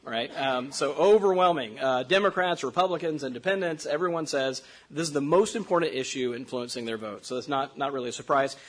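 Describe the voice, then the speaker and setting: A man's voice: medium pitch, fairly quick, few pauses. A man presenting survey research findings to an audience, explaining step by step with many "uh"s and rhetorical "right?" questions.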